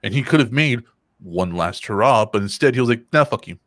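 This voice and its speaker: A man co-hosting a casual podcast, joking around in an animated, profane way. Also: fairly low pitch, brisk, no echo. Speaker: podcast co-host. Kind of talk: casual chat.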